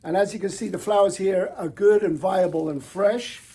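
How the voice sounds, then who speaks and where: A man's voice: sits high, moderate pace, dark tone, husky. A middle-aged man presenting flowers with enthusiasm, chatty, with fillers and small restarts. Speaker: florist presenter. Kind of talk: product showcase demonstration.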